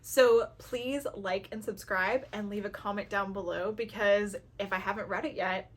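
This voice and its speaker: A woman's voice: medium pitch, steady tone, normal speed. A woman chatting casually to camera about books she loves, gushing and acting out her own reactions. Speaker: book reviewer.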